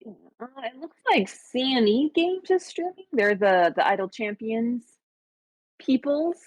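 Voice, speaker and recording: A woman's voice: a little high, expressive, measured pace, no echo. A woman co-hosting a game stream, chatting casually and often trailing off into laughs. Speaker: stream co-host.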